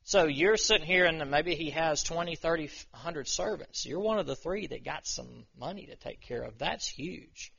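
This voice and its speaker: A man's voice: on the high side, normal speed, vocal fry, few pauses, a bit bright, breathy edge, muffled recording. A man giving an informal, conversational sermon to a small church group, self-deprecating and full of restarts. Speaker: pastor.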